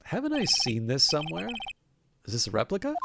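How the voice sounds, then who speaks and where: Bemused young lawyer, read by a Canadian man, dry asides, gravelly, game music behind. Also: on the high side, huge pitch swings, brisk, full character voice. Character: young male lawyer, baffled and wry.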